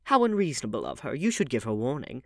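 A man voicing a charming, pleasure-seeking young gentleman in an audiobook, smooth and flattering. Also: mid-range voice, fast talker, no echo, clean studio sound, pitched above the performer's own voice.

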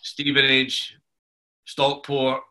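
A man's voice: mid-range voice, completely flat delivery, extremely slow, sharp tone. A man hosting a football podcast in jokey, casual banter, swearing freely and calling his guest "mate". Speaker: podcast host.

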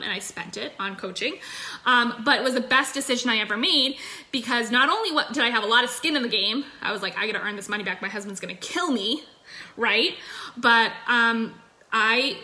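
A woman's voice: on the high side, pushed and bright. A young adult woman giving a chatty, upbeat sales coaching talk into her phone, full of fillers. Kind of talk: casual livestream coaching talk.

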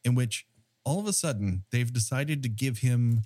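A man's voice: mid-range voice, expressive, normal speed, dark tone. A man co-hosting a film-review podcast, making dry, wry remarks. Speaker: podcast co-host. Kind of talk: casual film-review chat.

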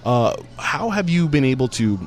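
A man hosting an interview, energetic and affirming, asking long, winding questions. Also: mid-range voice, normal speed, faint music behind. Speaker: interview host. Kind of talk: conversational podcast interview.

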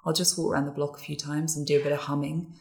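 A woman chatting as a podcast guest in a relaxed way, with many little fillers. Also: low voice, quick pace, creaky. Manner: relaxed, chatty, warm agreement with frequent fillers. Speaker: podcast guest, voiceover artist. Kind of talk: casual conversation.

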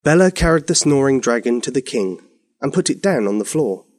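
Animated man telling a bedtime story. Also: mid-range voice, a little fast.

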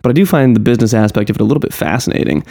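Male podcast host, mid-pitched voice, blunt and casual, swears freely. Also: racing, warm tone. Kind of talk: casual interview chat.

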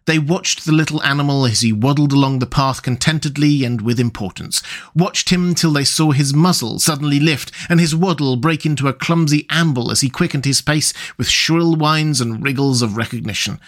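Man reading a storybook out loud, calm and measured, fairly high voice. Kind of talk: storybook narration.

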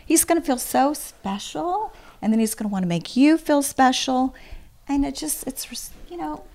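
A woman's voice: high-pitched, normal speed, a little mellow. Earnest woman giving advice. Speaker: interview guest. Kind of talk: casual conversation.

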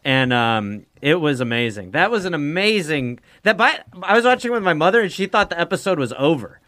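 A man's voice: on the high side, big pitch swings, a little fast, sharp tone. A man in casual chat, talking in a wry, rambling way and trailing off mid-sentence.

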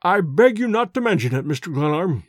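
A man's voice: fairly high pitch, big pitch swings, brisk, no room sound, clean studio sound. A man voicing a courteous, formal manservant. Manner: courteous, formal, says sir often. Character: deferential older male manservant, polite and formal. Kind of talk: audiobook character voice.

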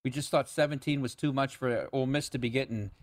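A man hosting a sports betting show, talking in a relaxed, conversational way with occasional stammers. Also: medium pitch, fast talker, dry recording. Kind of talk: casual sports betting chat.

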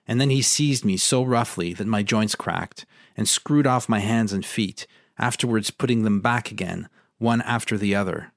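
A man reading a story passage aloud and discussing it in a measured way. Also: lowish voice, no room sound, studio quality.

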